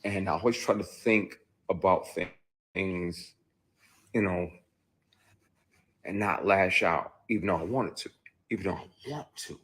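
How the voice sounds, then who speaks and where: Deep husky man, heated and emphatic. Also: a little slow, long pauses. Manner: emphatic, heated storytelling with sudden loud outbursts. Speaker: actor. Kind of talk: candid livestream monologue. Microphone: phone on a live stream.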